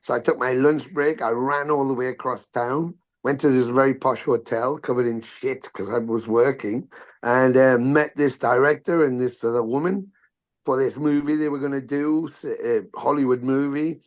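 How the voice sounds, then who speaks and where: Middle-aged man, guest on a chat podcast: lively, profane storyteller who acts out the quotes. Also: medium pitch, moderate pace. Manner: animated storyteller, swears freely, acts out quotes. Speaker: podcast guest, musician and actor. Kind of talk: casual storytelling interview.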